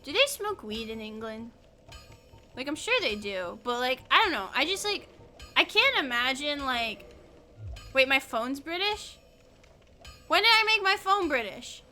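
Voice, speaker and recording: A woman's voice: high voice, very animated, measured pace, long pauses, sharp tone, faint music behind. A young woman streaming a game, rambling and giggling as she chats with her viewers. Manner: rambling, giggly, talks to chat while playing. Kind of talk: casual gaming stream chat.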